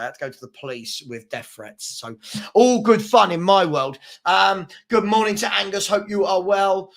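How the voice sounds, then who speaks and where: Bright-voiced rambling football host. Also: male voice, sits high. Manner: rambling, repeats words, reacts to chat comments. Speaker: host of a daily football livestream. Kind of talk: casual livestream chat reading comments.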